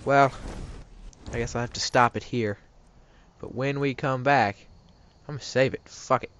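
A man giving casual gameplay commentary, excitable and profane, breaking into shouted outbursts and goofy sing-song. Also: medium pitch, normal speed.

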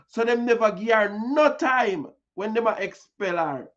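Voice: medium pitch, lively intonation, a little slow, few pauses, fairly bright tone, muffled recording. A host with a Jamaican accent giving chatty news commentary, repeating words and leaning on fillers. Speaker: online news show host.

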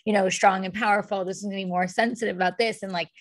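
A woman's voice: mid-range voice, fairly even intonation, fast. A woman in her thirties hosting a podcast, chatty and enthusiastic, with lots of fillers. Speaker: podcast host. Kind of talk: casual podcast conversation.

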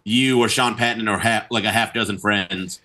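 A man's voice: on the low side, steady tone, normal speed, bright, forceful tone, poor audio. A middle-aged man co-hosting a comedy podcast, chatting casually and playfully, sliding into silly exaggerated voices. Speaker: podcast co-host.

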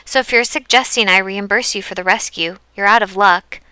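A woman reading the lines of a calm, unflappable woman anthropologist who speaks easily and unbothered in an audiobook. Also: mid-range voice, a little fast, clear, resonant tone, no echo, close to an everyday voice. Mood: easy. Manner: easy, unbothered.

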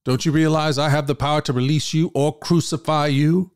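A man's voice: a little high, fairly even intonation, brisk, smooth, close to an everyday voice. A man reading as an uneasy Roman governor. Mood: questioning. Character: Roman governor, anxious, demanding.

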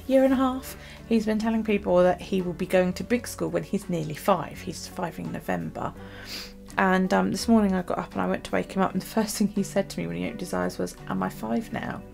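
A woman chatting casually about her journal and her chores, rambling with many pauses and ums. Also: mid-range voice, creaky, darkish tone. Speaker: journaling vlogger. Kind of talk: casual chat.

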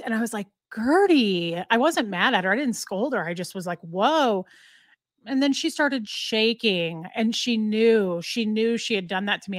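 A woman's voice: medium pitch, fairly bright tone, no room sound. Woman host, casual stream chat, chatty storyteller, dry close sound. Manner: chatty, storytelling, cooing to her dog. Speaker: livestream host. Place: home.

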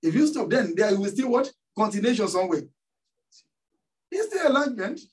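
A man's voice: high-pitched, big pitch swings, fairly quick. A middle-aged man from Nigeria with a Nigerian accent, preaching a sermon as pastor in a church and asking the congregation to finish his sentences. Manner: call-and-response questions to the congregation. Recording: voice somewhat distant from the mic.

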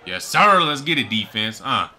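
A young man commentates his own football video game, hyping himself up and breaking into shouts and sing-song bragging. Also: medium pitch, very animated, normal speed. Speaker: gaming YouTuber. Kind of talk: excited live game commentary.

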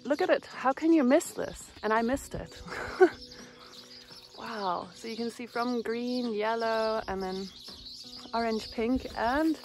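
A woman's voice: on the high side, a little mellow, slight background noise. A woman walking outdoors through a rural village, chatting cheerfully to her camera in a casual vlog. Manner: cheerful, chatty, laughs often. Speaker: vlogger.

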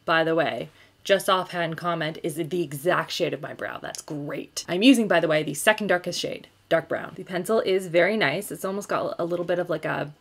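A woman's voice: lowish voice, brisk. Chatty young woman doing her makeup. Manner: chatty, bubbly, thinks aloud while applying makeup. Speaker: beauty YouTuber. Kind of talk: casual makeup tutorial chat. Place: home filming setup, indoors.

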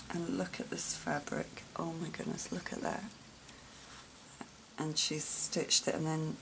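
A woman in a home vlog, talking slowly in a low, gravelly voice as she gushes over gifts in breathy exclamations and soft whispers. Steady background hiss runs under the noisy recording. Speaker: vlogger unboxing gifts. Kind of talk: casual show-and-tell unboxing.

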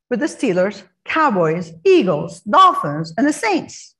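A woman hosting an event, enthusiastically introducing the next speaker. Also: on the high side. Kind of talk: scripted introduction. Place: event hall.

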